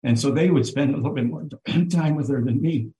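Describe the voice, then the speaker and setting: A man telling a personal story on a livestream in an earnest, halting way, with many fillers and restarts. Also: mid-range voice, warm tone, echoey room, poor audio. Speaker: guest on a livestream. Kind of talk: emotional personal account.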